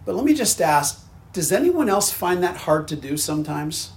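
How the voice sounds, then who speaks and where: Male pastor, high voice, earnest conversational sermon delivery. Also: big pitch swings, normal speed. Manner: conversational, earnest, with frequent restarts.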